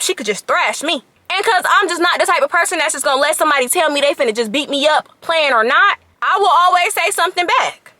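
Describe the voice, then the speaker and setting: High bright young woman telling a story. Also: no room sound. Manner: animated, slangy, sassy retelling. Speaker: vlogger. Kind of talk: casual storytime.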